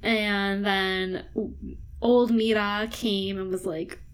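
A woman co-hosting a casual chat, talking chattily with many "like"s and quick asides. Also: medium pitch, fairly even intonation, clean tone. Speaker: podcast co-host.

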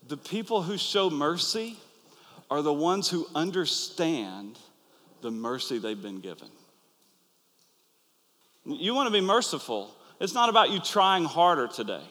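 A pastor preaching an earnest, animated sermon to his listeners, acting out the quoted lines. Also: on the high side. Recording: long hall reverb.

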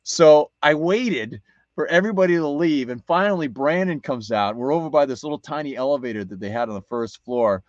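A man's voice: a little high, a little fast, no room sound, dull audio. A man co-hosting a talk radio show, telling a rambling story with many restarts. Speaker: radio co-host. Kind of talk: casual anecdote on talk radio.

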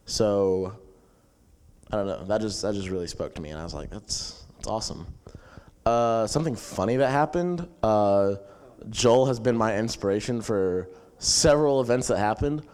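A young man casually telling a funny camp story, animated and laughing as he goes. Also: fairly low pitch, normal speed, smooth. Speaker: camp attendee sharing a testimony.

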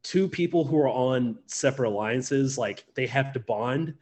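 A man's voice: medium pitch, normal speed, a little mellow. A man co-hosting a podcast in casual chat, with a mid-range voice. He sounds eager and stops for "like" and "um" as he gathers his thoughts. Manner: enthusiastic, filler-heavy, lots of "like" and "um". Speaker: podcast co-host.

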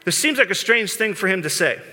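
A man gives an earnest, informal sermon as a pastor, sometimes stumbling and repeating words as he goes. His voice sits high and sounds tense and bright. The sound carries a long reverb of a large church sanctuary. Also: expressive, fairly quick. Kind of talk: conversational sermon.

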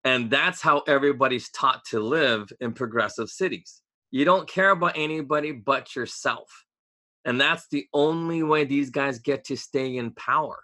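Bright-voiced man ranting. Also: mid-range voice, moderate pace. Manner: opinionated, ranting, sarcastic asides. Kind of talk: casual podcast chat.

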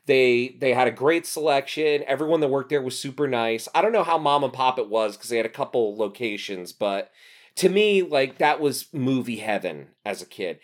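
Animated, swearing man in his thirties. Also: mid-range voice, normal speed. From New Jersey. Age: 30s. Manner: animated, profane storytelling. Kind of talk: casual podcast chat.

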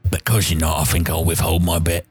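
An excitable orc, a gentle giant, played by a man, who talks in an eager and pushy way. The voice stays close to the narrator's own low register. He comes from a tabletop game session. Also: a little fast, husky, faint music behind.

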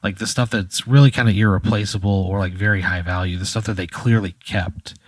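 A man's voice: lowish voice, steady tone, brisk, breathy edge, no echo. A man casually spinning an improvised scenario, rambling with lots of fillers and laughing at his own jokes. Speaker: host running an improvised scenario.

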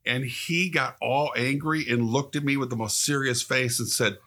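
A man's voice: mid-range voice, moderate pace, few pauses, a little hiss or hum. An older man, a podcast co-host and teacher, telling stories in casual chat. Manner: storytelling, animated. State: short on sleep.

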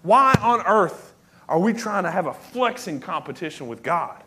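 A man's voice: high-pitched, big pitch swings, moderate pace, sharp tone, a little hiss or hum. A man in his thirties, an associate pastor, preaching a sermon in a church, moving from casual, self-deprecating stories to emphatic preaching. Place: church sanctuary.

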